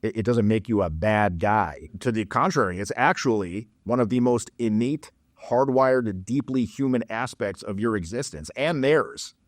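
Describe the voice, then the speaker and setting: A man's voice: lowish voice, moderate pace, few pauses, dry recording, clean studio sound. A man coaching on dating in a blunt, profane, casual monologue, telling stories with laughs and mocking others in put-on voices.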